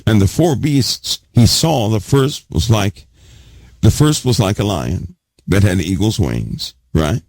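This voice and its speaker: A male preacher teaching from scripture, his low voice gravelly and a little husky. He leans on the same words again and again and throws questions at the room, his pitch swinging widely. The sound is dry and close. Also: expressive, slow, a little mellow, no echo. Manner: emphatic, repeats key words, asks the audience questions. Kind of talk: sermon teaching.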